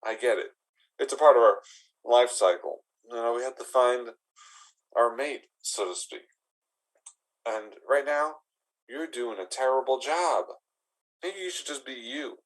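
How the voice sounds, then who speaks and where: A man voicing a sultry female goblin lady who talks low, slow and teasing. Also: natural voice, poor audio.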